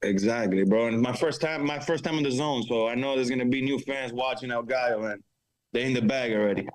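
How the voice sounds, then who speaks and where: A man's voice: mid-range voice, brisk, rough recording. A confident male fighter talking as a guest on a podcast. He speaks in a mid-range voice with brash, slangy swagger. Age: adult father of four. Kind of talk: casual interview chat.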